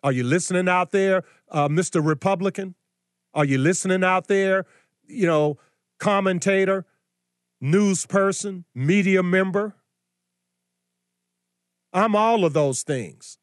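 A man's voice: high voice, measured pace, long pauses, no echo. Combative preachy male commentator, dry sound. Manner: combative, scolding, rhetorical questions. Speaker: political commentary host.

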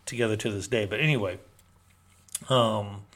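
A man's voice: on the low side, moderate pace, fairly bright tone. A man from Northern California telling a rambling personal story in casual, slangy street talk. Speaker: storyteller recounting prison life.

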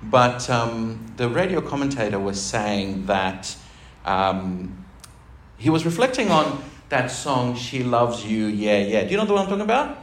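A man's voice: mid-range voice, big pitch swings, unhurried. A man preaching a sermon to his church, in a chatty, joking way. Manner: chatty, jokey preaching with laughs. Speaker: pastor. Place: church hall. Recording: roomy church recording with faint noise.

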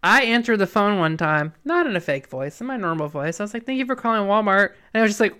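A man's voice: sits high, animated, quick pace, few pauses, pushed and bright, clean tone. A man co-hosting a podcast in casual chat, with a light voice people often take for a woman's, rambling and giggly. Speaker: podcast co-host.

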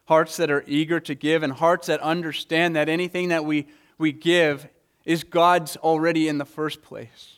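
A man's voice: on the high side, little pitch movement, moderate pace, fairly bright tone, clear, resonant tone. A man preaching a Sunday morning sermon, earnest, often repeating words as he presses a point. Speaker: pastor.

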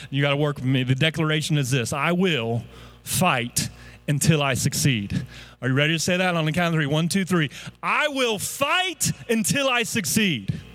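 A male pastor preaching a sermon, leading the congregation in call-and-response declarations and building to impassioned peaks. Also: high voice. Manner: rousing call-and-response preaching, rising to shouts.

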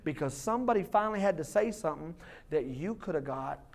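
A man's voice: on the high side, lively intonation, fast, vocal fry. Man, thirties, lead pastor, casual sermon, quotes in little voices. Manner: conversational preaching, acts out quoted voices. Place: church sanctuary.

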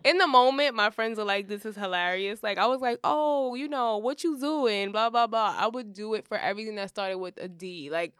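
A woman's voice: medium pitch, a little fast, few pauses, fairly bright tone, clean tone, no room sound, clean studio sound. A young woman co-hosting a podcast, telling stories in casual slang and laughing often. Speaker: podcast co-host. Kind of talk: casual chat.

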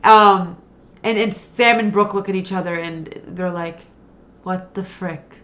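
A woman whose voice is fairly low in pitch, fairly even in intonation, and fairly bright talks a little slowly. As a podcast co-host, she casually recaps a TV episode while acting out what the characters say.

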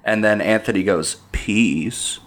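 A man's voice: lowish voice, normal speed, fairly bright tone, slight background noise. A man in a casual podcast chat about a movie, laid-back, filling his talk with "like". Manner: laid-back, says like often, laughs easily.

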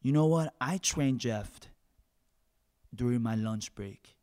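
A man playing a hot-tempered, foul-mouthed factory worker in an improvised comic story, ranting and bursting into shouts. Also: mid-range voice, slow, close to an everyday voice.

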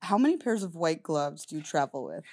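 A woman's voice: sits low, sing-song, a little fast, a little mellow. A woman interviewing a guest in a casual, chatty way, with lots of fillers. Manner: chatty, asks questions with frequent "like" and laughs.

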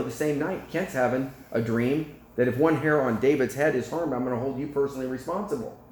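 A man giving a spoken testimony as a preacher, telling his story in a lively way and acting out the voices. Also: medium pitch, slight background noise. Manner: animated storyteller, acts out quotes, laughs. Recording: echoey room, faint ambience.

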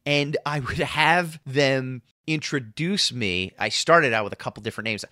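A man guest on a comedy podcast, telling a story in an animated, self-mocking way and laughing often. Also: mid-range voice, moderate pace, no echo, studio quality. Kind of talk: casual podcast chat.

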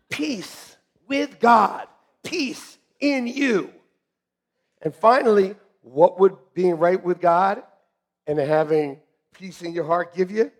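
A man preaching a sermon as pastor, animated and joking, laughing often with the congregation. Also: sits high, very slow, long pauses.

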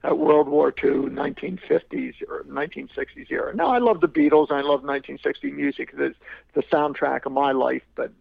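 A man in a podcast interview tells a long story, circling back with restarts and repeated words. His voice is heavily gravelly and a touch high. It comes through a tinny, phone-like line with a dry sound. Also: a little fast, no echo. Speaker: podcast guest. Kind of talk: anecdotal storytelling.

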